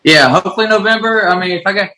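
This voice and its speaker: A man's voice: high-pitched, racing, sharp tone, poor audio. A man, a bare-knuckle fighter, answering interview questions in a laid-back, rambling way with lots of fillers.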